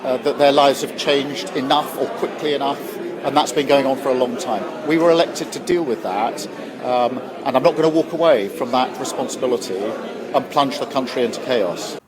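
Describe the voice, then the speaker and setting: A politician giving a measured, hesitant statement to the press, with frequent ums. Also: male voice, mid-range voice, crowd noise.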